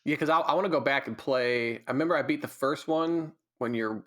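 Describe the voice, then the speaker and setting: A man's voice: mid-range voice, a little fast, fairly bright tone. A young man co-hosting a casual gaming podcast, trading sarcastic, teasing banter. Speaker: podcast co-host. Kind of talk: casual chat.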